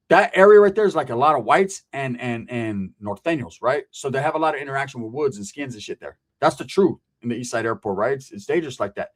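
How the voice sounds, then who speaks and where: A man spins a casual, profane street story, animated and quick to slip into the voices of the people in it. His voice sits a little high for a man.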